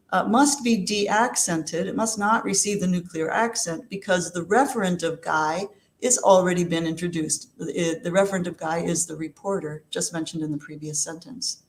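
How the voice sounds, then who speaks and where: A woman with a fairly low voice gives a measured academic lecture and explains each point step by step. She fills her pauses with ums and uhs. The sound carries an echo from the room. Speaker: linguistics lecturer.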